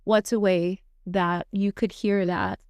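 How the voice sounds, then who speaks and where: A woman's voice: mid-range voice, fairly even intonation, slow pace, a little mellow, clear, resonant tone, no echo, studio quality. A woman co-hosting a family counseling talk show who asks guiding questions and offers examples in a supportive, conversational way. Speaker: counselor and co-host. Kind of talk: conversational podcast discussion.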